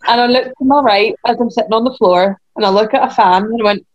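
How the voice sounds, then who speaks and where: Woman, mischievous and giggly, slightly high voice, slightly dull sound. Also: fairly quick. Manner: giggly, mischievous, laughs between phrases. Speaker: wrestler guest. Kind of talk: casual chat.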